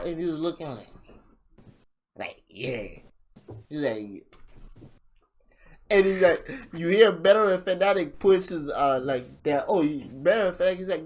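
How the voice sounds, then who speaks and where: A man hosting a casual podcast, telling a story with animated energy, switching into a raised voice whenever he quotes someone. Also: fairly high pitch, normal speed. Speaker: podcast host. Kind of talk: casual chat recapping a battle rap event.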